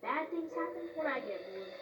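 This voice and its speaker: A woman's voice: high-pitched, lively intonation, moderate pace. An actress playing a restless, impatient teenage girl who rides horses in a TV series. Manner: wry, impatient. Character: restless, easily bored teenage girl rider. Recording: echoey, distant show audio with noise.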